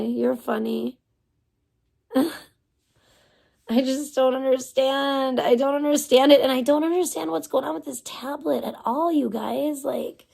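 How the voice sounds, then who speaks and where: Higher-voiced woman venting on a livestream. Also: gravelly, darkish tone. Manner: profane, heated ranting with frequent swearing; talks straight to viewers and thanks donors. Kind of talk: casual livestream venting to chat.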